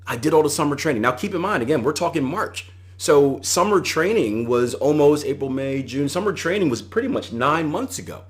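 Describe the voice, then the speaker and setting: A man's voice: fairly high pitch, lively intonation, moderate pace, hardly any pauses. A middle-aged man hosting a solo podcast, giving conversational coaching advice and retelling anecdotes with animation. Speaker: podcast host and trading coach.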